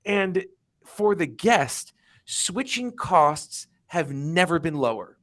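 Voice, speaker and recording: A man's voice: fairly high pitch, sing-song, takes it slowly, fairly bright tone. A man speaking on an industry panel, emphatic and driving his points home with vivid analogies. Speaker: panelist, restaurant tech executive. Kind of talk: panel discussion.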